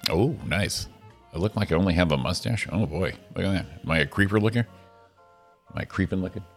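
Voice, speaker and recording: A man's voice: low-pitched, brisk, faint music behind. A man co-hosting a casual morning show, joking, laughing often and swearing casually. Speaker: co-host.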